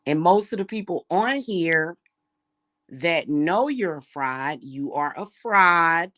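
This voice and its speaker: A woman's voice: fairly low pitch, expressive, slow, fairly bright tone, no echo. Woman vlogger ranting hard, lots of swearing, dry dead sound. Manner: heated, profane, repetitive ranting. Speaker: spiritual reader and vlogger. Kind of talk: angry monologue vlog.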